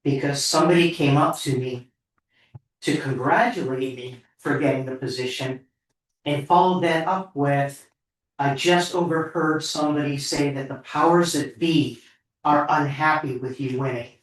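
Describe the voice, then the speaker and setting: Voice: medium pitch, normal speed. Emotional board member in an echoing hall. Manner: earnest, heartfelt, personal. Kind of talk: speaking at a public meeting. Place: town meeting room. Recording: echoey hall, far from the mic.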